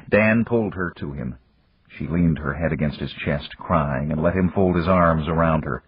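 Deep husky male audiobook narrator. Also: normal speed, no room sound, lo-fi sound. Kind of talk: scripted narration.

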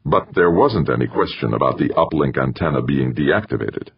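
A man narrating an audiobook in a steady, measured reading. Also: very deep voice, vocal fry, breathy edge, no room sound, muffled recording. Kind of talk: scripted narration.

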